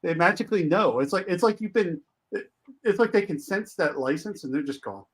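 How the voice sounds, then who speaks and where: Lively, high-voiced male podcast host. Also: brisk. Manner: loose and conversational, with many restarts. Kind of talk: casual chat.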